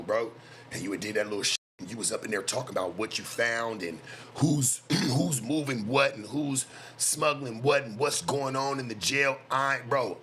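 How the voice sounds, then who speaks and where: A man with an American West Coast street accent, talking straight at his viewers in a casual livestream rant. His voice is bright and forceful, his talk blunt and full of profanity, circling back to the same point again and again. A faint hum of room sound sits behind him. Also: medium pitch. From West Coast of the United States. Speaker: streamer and self-styled life coach.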